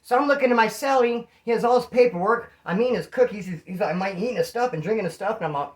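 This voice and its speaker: A man from Bakersfield, California, telling a prison story in casual, animated street slang. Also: high voice, quick pace, few pauses.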